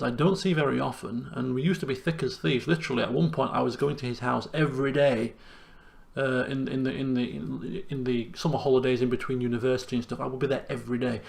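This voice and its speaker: A young man chatting casually in a diary vlog, lively and self-deprecating. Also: medium pitch, gravelly. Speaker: vlogger.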